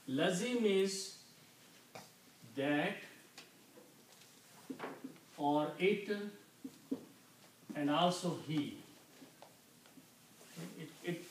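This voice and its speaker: A man teaching Quranic Arabic vocabulary, explaining each word slowly and patiently, often checking in with "Okay?". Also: a little high, fairly bright tone. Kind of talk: slow explanatory lesson. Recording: echoey room, mic at a distance, faint noise.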